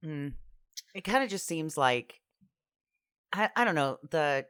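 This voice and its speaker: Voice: mid-range voice, expressive, slow, fairly bright tone, smooth, dry recording, studio quality. A podcast co-host talking casually about a movie, thinking aloud with hedges like "kind of" and "I don't know.". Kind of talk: casual chat.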